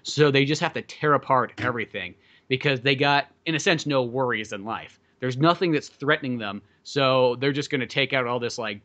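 A man's voice: medium pitch, a little fast, pushed and bright, a little hiss or hum. A man co-hosting a movie podcast, talking casually in a rambling, profane way with many fillers. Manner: rambling, profane, lots of fillers, acts out quoted lines. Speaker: podcast co-host. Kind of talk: casual movie review chat.

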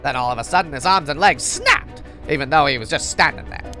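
A woman voicing a blunt, swearing teenage delinquent girl in a video game, with a low, dismissive drawl. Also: animated, fairly quick, pushed and bright, faint music behind. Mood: gruff.

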